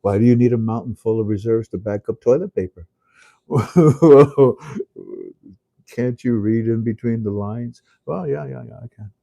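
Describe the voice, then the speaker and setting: A man's voice: mid-range voice, moderate pace, gravelly, warm tone, no echo. An older man hosting a casual monologue, rambling with chuckles and many fillers and restarts. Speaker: host.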